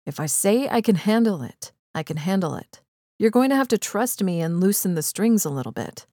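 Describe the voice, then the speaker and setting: A woman's voice: mid-range voice, animated, moderate pace, dark tone, no echo, studio quality, lightly acted. A woman voicing a defensive young man who is blunt and dismissive.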